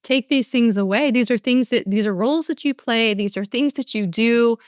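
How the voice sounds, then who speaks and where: A woman's voice: a little high, normal speed, no room sound, clean studio sound. An older woman giving a motivational talk as a speaker and coach, earnest, often restarting and acting out answers from her audiences.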